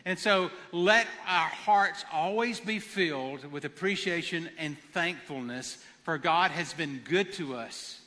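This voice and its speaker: A pastor preaching a sermon in an earnest manner, repeating phrases for emphasis. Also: male voice, fairly high pitch, a little slow, hardly any pauses, pushed and bright, long reverb tail.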